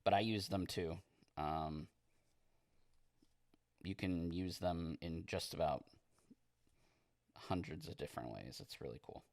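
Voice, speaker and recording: Deep-voiced man chatting while painting. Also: slow, creaky, pauses often, no room sound, studio quality. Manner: relaxed, rambling, reads chat comments aloud. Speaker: miniature painting streamer. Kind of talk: casual livestream chat while painting.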